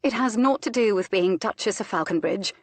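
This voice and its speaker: A woman's voice: mid-range voice, expressive, fairly quick, no echo. Woman doing a nervous young regency lady, careful, a bit sarcastic, dry close sound. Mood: earnest tense. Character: earnest young gentlewoman, anxious, quietly sharp.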